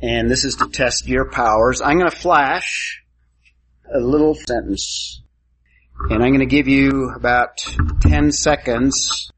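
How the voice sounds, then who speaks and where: A man's voice: mid-range voice, slow, a bit bright, slight background noise, poor audio. A man teaching a class, giving a lecture and quizzing students with questions.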